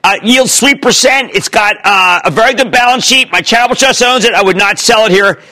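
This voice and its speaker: A man's voice: sits high, sharp tone. A man in his sixties hosting a finance TV show, giving emphatic, jokey stock commentary to callers. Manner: emphatic, jokey, fast asides. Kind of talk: animated stock commentary taking calls.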